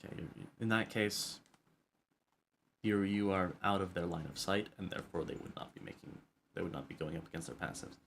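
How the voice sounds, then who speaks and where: Gravelly low-voiced man running a game. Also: a bit bright, a little hiss or hum. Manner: halting, repeats words while describing scenes. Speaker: dungeon master. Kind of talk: narrating a tabletop game.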